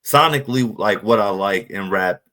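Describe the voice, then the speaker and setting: Low-voiced male co-host, relaxed and conversational, quick to laugh. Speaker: podcast co-host. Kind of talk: casual chat.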